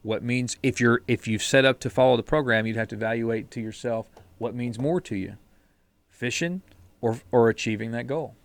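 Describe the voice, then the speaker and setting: At a moderate pace and mid-range pitch, with no echo on the recording, a man co-hosts a podcast. He gives a casual motivational chat on discipline and keeping to a plan, blunt and slightly profane, sometimes repeating words as he restarts.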